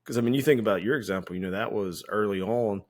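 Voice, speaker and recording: A man co-hosting a podcast, casually telling a firehouse story in a relaxed, anecdotal way and acting out the lines of the people in it. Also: on the low side, fast. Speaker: podcast co-host; firefighter.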